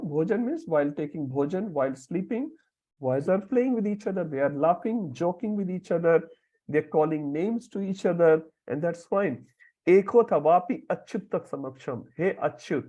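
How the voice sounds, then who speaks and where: A man's voice: a little high, mellow, lo-fi sound. Man teaching a scripture class. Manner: explains verse word by word, acts out quoted dialogue. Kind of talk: lecture on scripture with storytelling.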